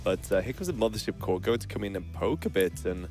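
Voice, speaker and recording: A man commentating a strategy game as a caster, easygoing and quick to laugh with his co-caster. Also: sits low, a little mellow, faint music behind. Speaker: esports caster.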